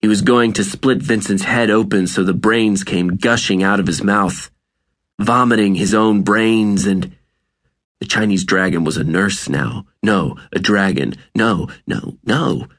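A man narrating an audiobook in a measured, deliberate reading. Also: fairly low pitch, fairly bright tone. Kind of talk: scripted narration.

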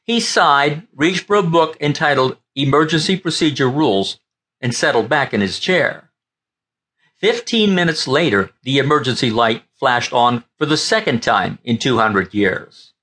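A man narrating a science fiction audiobook in an expressive storytelling manner. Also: mid-range voice, measured pace. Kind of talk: scripted narration.

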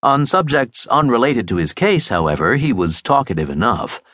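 A man narrating a mystery audiobook in a crisp, expressive storytelling manner. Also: medium pitch, moderate pace, no echo, studio quality. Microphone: close studio mic.

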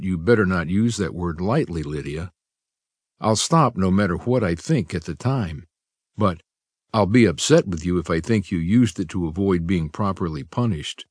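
Man doing a husband, low baritone, firm, quiet, reassuring, dry sound. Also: breathy edge, no room sound.

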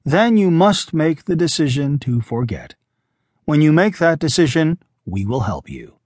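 A man voicing a calm, sorrowful alien man who speaks softly and gravely. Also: unhurried, dry recording, clean studio sound. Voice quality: low, soft and grave.

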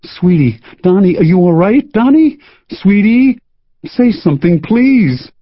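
A male narrator voicing a small, mousy woman who pleads in a shrill, high voice. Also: wildly swooping pitch, moderate pace, breathy edge, no echo, highs cut off, full character voice. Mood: frantic.

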